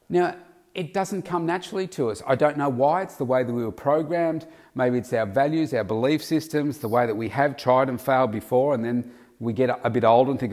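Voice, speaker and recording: A man's voice: a little fast, a little mellow. A man giving a motivational self-help talk, acting out a harsh inner critic. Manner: acts out a harsh inner critic with raised pitch. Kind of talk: motivational monologue.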